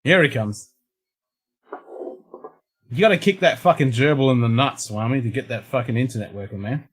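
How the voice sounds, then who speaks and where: A man's voice: medium pitch, normal speed, husky. An Australian man hosting a casual livestream chat, blunt and swearing constantly in a laid-back way. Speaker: show host.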